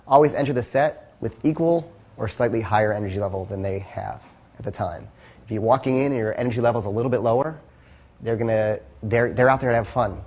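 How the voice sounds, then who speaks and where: A man giving blunt, quick coaching feedback to a class, swearing freely. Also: mid-range voice, darkish tone, husky. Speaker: pickup coach.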